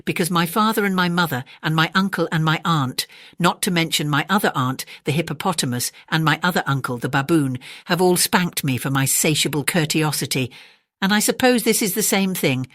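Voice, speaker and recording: A woman's voice: deep voice, fairly quick, a bit bright, dry recording, studio quality. A woman voicing a curious young male elephant calf in a storybook, talking very politely and earnestly in a raised voice.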